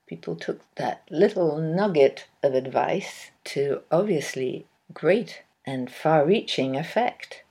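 A woman hosts her own evening radio talk show. Her voice is low and slightly husky. She delivers a measured, reflective scripted monologue. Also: animated, dark tone.

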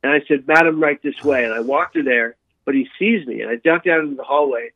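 A man telling a long personal story in an interview, animated, with frequent restarts and repeated words. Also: medium pitch, fast talker, no room sound. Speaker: guest sharing his life story. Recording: dry tinny phone-like sound.

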